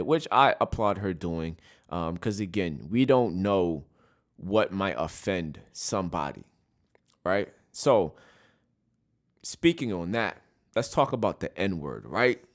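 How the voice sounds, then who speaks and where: A man hosting a casual solo podcast, talking through his opinions and often checking in with "right?". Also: low-pitched. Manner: opinionated, repeats "right?" often, frequent restarts. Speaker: podcast host.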